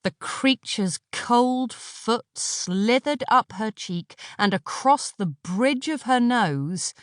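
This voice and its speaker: Reading an audiobook, a woman with a voice on the high side tells the story in a measured, expressive way. The sound is clean studio audio with no room sound.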